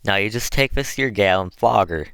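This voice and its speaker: Cruel, domineering master with a deep, harsh bark, put on by a male reader in a dry booth. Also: expressive, moderate pace, creaky, fairly bright tone, clear, resonant tone, no echo. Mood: brutal. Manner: harsh, barking commands.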